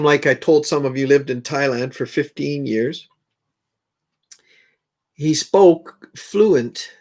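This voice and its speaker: A middle-aged man hosting a live stream, chatting casually and rambling to viewers in a folksy way between songs. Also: mid-range voice. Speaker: live stream host and guitar player.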